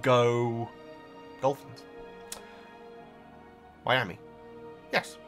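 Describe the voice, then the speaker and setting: A man's voice: mid-range voice, flat delivery, extremely slow, a bit bright, faint music behind. A British man reading and answering viewer comments in a casual chat, talking hesitantly with many stumbling restarts.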